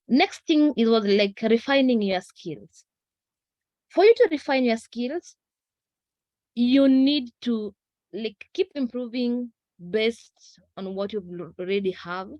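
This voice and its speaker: Brief: female participant, slow, deliberate delivery, dry close sound, earnest recap. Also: medium pitch, no echo, lo-fi sound. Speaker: audience participant. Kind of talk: casual recap.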